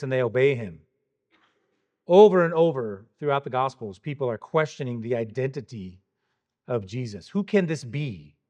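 A man preaching an expository sermon verse by verse, emphatic and full of pointed rhetorical questions. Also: mid-range voice.

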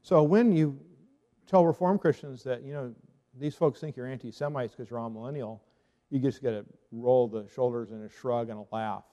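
A man's voice: mid-range voice, normal speed, warm tone, long reverb tail, muffled recording. A man, a Reformed pastor, giving an earnest, argumentative theological talk full of rhetorical questions.

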